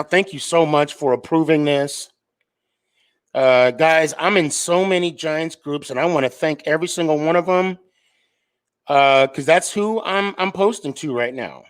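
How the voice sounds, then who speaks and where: A man hosts a live sports podcast, talking loosely and casually with plenty of fillers and restarts. His voice sits a little high for a man. He rambles from one point to the next in a relaxed way. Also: clear, resonant tone.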